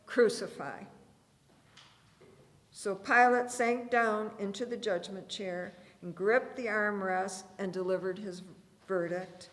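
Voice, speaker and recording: A woman reading a dramatic scripted narration aloud in a church, with deliberate storytelling. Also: mid-range voice, fairly bright tone. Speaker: reader. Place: church sanctuary. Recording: reverberant church hall.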